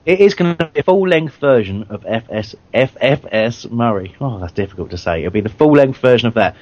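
A man hosting a football fan radio show, speaking in a measured way with hesitant ums. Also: medium pitch, animated, a little mellow, dry recording. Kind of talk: casual fan radio chat. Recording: dry, dull lo-fi sound.

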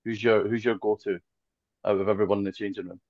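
A man's voice: on the low side, flat delivery, quick pace, darkish tone, dry recording. A man hosting a podcast, asking questions in a teasing, easygoing way. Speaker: podcast host. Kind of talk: casual podcast interview. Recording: dry, dull lo-fi sound.

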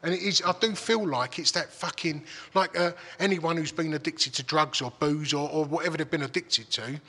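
In a room with long, echoing reverb, a middle-aged East London guest chats casually and frankly at a moderate pace, swearing and restarting as he rambles. His voice is a little high, husky, bright and forceful.

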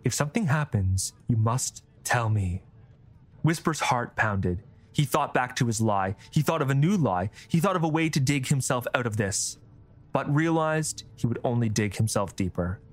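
A man narrating a fantasy story in steady scripted storytelling. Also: medium pitch, normal speed. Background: music.

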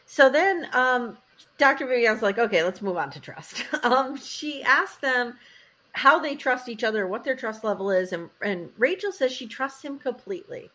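This woman recaps a reality show on a casual podcast, telling it as a lively story. She acts out the quotes and says "like" a lot. Her voice sits a bit high. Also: moderate pace. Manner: animated storytelling, acting out quotes, frequent "like". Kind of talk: casual chat.

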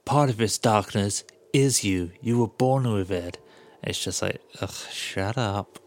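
Low-voiced sarcastic man. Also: unhurried. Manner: sarcastic, swears freely, mocks the game's characters. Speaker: podcast host. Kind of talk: casual game recap.

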